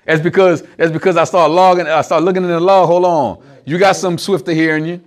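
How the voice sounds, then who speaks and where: With a fairly high pitch and a fast delivery, a man talks his way through a conversational sermon. He's animated, speaks straight to his small audience, and draws on daily-life examples.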